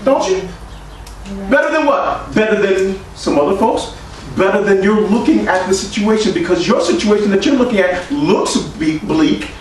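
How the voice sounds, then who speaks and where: High, lively preacher man in an echoey church. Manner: call-and-response preaching, swings from shouts to hushed tones. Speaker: pastor. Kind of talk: sermon. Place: church sanctuary. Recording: echoey church room from far off, faint hiss.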